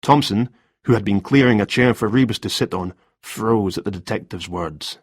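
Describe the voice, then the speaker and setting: A male audiobook narrator with a husky, fairly low voice, telling a detective story at a measured pace. The recording is close and dry. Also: no room sound. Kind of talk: scripted narration.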